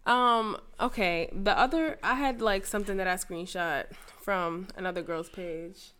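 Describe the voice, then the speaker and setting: A woman's voice: mid-range voice, a little slow, fairly bright tone, smooth. A young woman co-hosting a casual podcast chat, telling stories with lots of animation and acting out the people she quotes. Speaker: podcast co-host.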